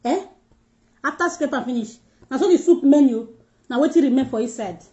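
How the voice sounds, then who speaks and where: A woman's voice: sits high, fairly quick, mellow, muffled recording. Chatty Nigerian woman on a livestream. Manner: chatty, mixes pidgin, addresses viewers directly. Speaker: livestream host. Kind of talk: casual livestream chat while eating.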